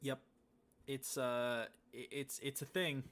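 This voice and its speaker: A man co-hosting a laid-back podcast, his voice bright and forceful at a middling pitch. He rambles through stories and breaks into little acted-out quotes. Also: steady tone, slow. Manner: rambling storytelling, acts out quoted lines. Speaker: podcast co-host. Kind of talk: casual chat.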